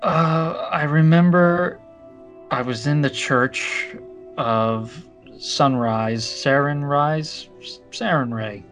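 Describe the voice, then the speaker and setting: A man playing his own character in a tabletop game, with a slow, halting delivery. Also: fairly high pitch, a bit bright, soft background music. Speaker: player. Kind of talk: in-character tabletop role-play.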